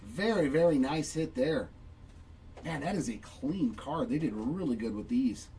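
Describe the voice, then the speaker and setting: A man's voice: medium pitch, lively intonation, moderate pace, mellow, recorded from a distance, a little hiss or hum, poor audio. A man hosting a live trading card break, chatting upbeat and reacting to each pull while answering viewers.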